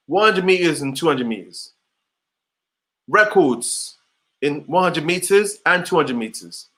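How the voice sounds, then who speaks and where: Energetic man with a high voice. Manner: energetic, rhetorical, repeats questions to the audience. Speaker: motivational speaker. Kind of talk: online motivational session.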